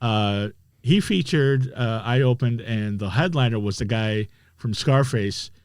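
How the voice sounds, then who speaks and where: A man's voice: mid-range voice, a little mellow, clear, resonant tone, dry recording. A man hosting a casual talk podcast, chatting and bantering with a guest. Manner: chatty, quick to joke and banter. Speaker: podcast host. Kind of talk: casual chat.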